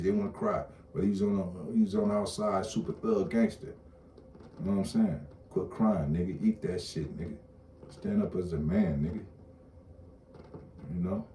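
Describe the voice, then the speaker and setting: A man's voice: low voice, mellow, a little hiss or hum. A man in a casual, profane rant, blunt and repetitive, heard from a distance in an echoey room. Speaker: online commentator. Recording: roomy echo, distant mic, faint ambience.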